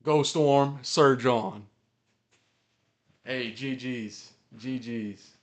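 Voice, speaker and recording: A male fan hosting a podcast reacts live to a football game into his mic, excitable and swearing as he cheers and groans at each play. His voice is medium-pitched, drawing out his words.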